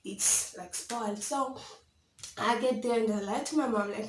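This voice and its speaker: A young woman from Kenya telling a story to her camera in a casual, animated way, laughing often and filling with "like" and "you know". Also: mid-range voice, fairly quick, roomy sound, a little hiss or hum. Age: young adult. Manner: animated, dramatic, laughs often, many likes and you-knows. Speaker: vlogger.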